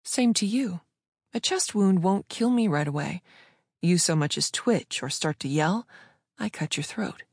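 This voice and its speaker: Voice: medium pitch, unhurried, pauses often, a little mellow, slightly rough, dry recording, clean studio sound. A reader voicing a bold, cunning young woman thief who talks in a cool, teasing way.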